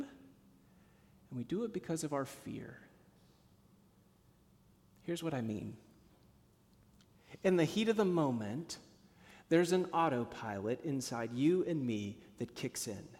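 A man preaching a sermon as a pastor, telling stories and moving from hushed, low passages to emphatic ones. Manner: storytelling, swings from hushed to emphatic. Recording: long hall reverb.

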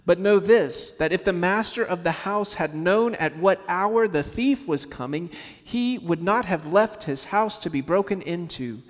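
A man delivers a sermon in a casual, animated style, slipping into quick acted-out voices to make his point. His voice sits a bit high for a man. The sound carries the long reverb of a large church hall. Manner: animated, conversational preaching with acted-out quotes. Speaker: pastor. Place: church sanctuary.

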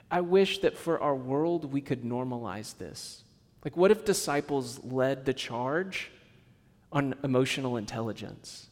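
A man preaching a sermon as pastor, acting out quotes and dropping to a soft hush on sad points. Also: mid-range voice, animated, measured pace, big-room sound.

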